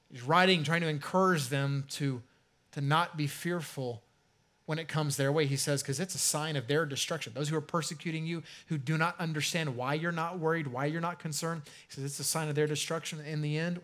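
A pastor with a fairly high-pitched voice delivers a sermon in a conversational style. He slows way down to emphasize key phrases and lets the ends of his lines fade softly.

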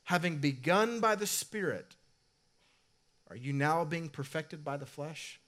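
A man's voice: a little high, expressive, unhurried, fairly bright tone. A middle-aged man preaching a sermon as pastor, conversational and self-deprecating, repeating key lines for emphasis. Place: church sanctuary.

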